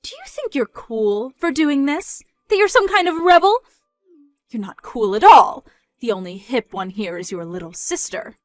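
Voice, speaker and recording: A woman's voice: medium pitch, very animated, moderate pace, no room sound, faint music behind, close to an everyday voice. A woman voicing a controlling, scornful middle-aged mother, nagging and incredulous in a scripted story dub.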